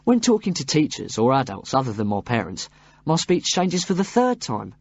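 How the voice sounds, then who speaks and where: A man reading a first-person passage aloud for a textbook audio track, in an expressive, rising and falling manner. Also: medium pitch, moderate pace, gravelly, highs cut off.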